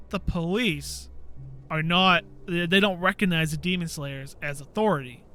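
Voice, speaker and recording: A man hosting a gaming channel, chatting casually while he plays and acting out quotes in a high voice. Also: bright, forceful tone. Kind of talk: casual commentary while playing.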